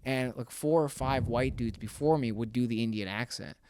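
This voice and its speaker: A man hosting a podcast, excitable and quick to laugh, with loud bursts as he tells stories. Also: medium pitch, slight background noise. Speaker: podcast host. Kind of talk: casual podcast chat.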